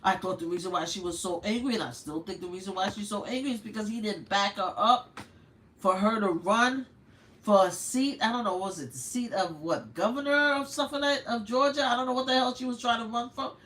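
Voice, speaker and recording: An older woman from Brooklyn, speaking with a New York accent, hosts a casual livestream. She talks in a loud, exclamatory way, reads messages aloud and reacts with blunt cursing. Her voice sits at a middle pitch. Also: a little fast. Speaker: livestream host.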